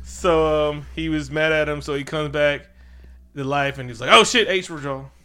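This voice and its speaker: A man's voice: fairly high pitch, little pitch movement, moderate pace, a bit bright, clear, resonant tone, soft background music. A man in casual chat, retelling a movie with lots of laughter and acting out characters' lines in funny voices.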